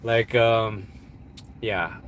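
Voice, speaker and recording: Speaking very slowly in a lowish, steady voice with a fairly bright tone, a California man chats casually on his livestream. He rambles, jokes and laughs a lot while fielding questions from chat, sounding stuffy from allergies. There's a slight hiss or hum.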